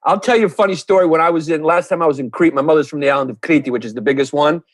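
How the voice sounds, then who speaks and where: A comedian joins a podcast as a guest, his voice high and husky. He jokes in profane mock rants, and the close, dry sound keeps every word upfront. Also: rapid-fire, no echo. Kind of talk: casual podcast chat.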